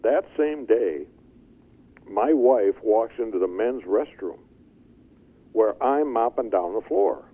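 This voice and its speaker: An older man telling his life story as an interview guest, animated and chuckling as he goes. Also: lowish voice, moderate pace, husky. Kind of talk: storytelling testimony. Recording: tinny phone-like line.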